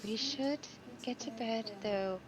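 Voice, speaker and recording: A woman playing a tabletop game, tossing in playful quick asides. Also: a little high, crowd noise. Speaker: player.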